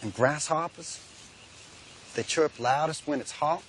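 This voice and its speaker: An actor playing a gentle, simple father. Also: on the high side, slight background noise, close to an everyday voice. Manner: simple, gentle, slow explaining.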